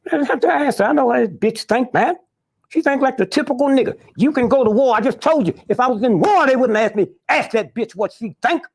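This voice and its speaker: Gravelly, blunt older man, husky and high. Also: expressive, fairly quick. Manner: blunt, profane, punctuating with "huh?". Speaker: interviewee. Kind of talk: candid storytelling interview.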